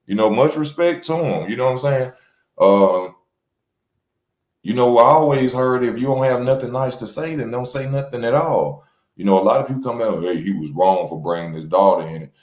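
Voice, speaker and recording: A man's voice: medium pitch, normal speed, a little mellow, reverberant. A man, giving casual, slangy boxing news commentary to viewers that turns heated and emphatic.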